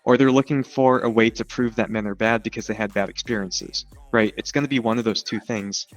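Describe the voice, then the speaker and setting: A man's voice: on the low side, steady tone, fairly quick, highs cut off. A man chatting casually on a stream, mostly agreeing with short replies. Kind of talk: casual chat.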